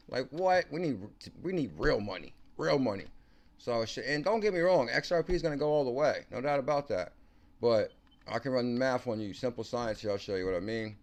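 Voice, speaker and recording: A man hosting a casual crypto livestream, excitable and slangy, talking to viewers by name. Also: mid-range voice. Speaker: crypto channel host.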